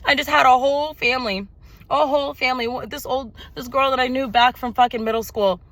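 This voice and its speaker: A woman's voice: high voice, steady tone, brisk, a bit bright, dry recording. Emphatic, swearing woman preaching to viewers. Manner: emphatic, profane, repeats phrases for emphasis; preachy, addresses viewers directly. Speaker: spiritual vlogger. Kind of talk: emotional personal testimony.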